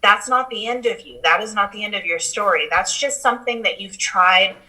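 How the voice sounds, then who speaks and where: A woman's voice: medium pitch, a little fast, pushed and bright, poor audio. A woman in her thirties, a podcast guest, speaking in a candid, motivational way about her own hardships. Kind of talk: casual interview chat.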